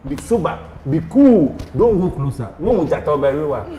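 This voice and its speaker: Ghanaian man, talk panelist, high-ish and very lively pitch, preachy, roomy studio. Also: moderate pace, slight background noise. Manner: emphatic, preachy advice-giving. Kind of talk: talk show discussion.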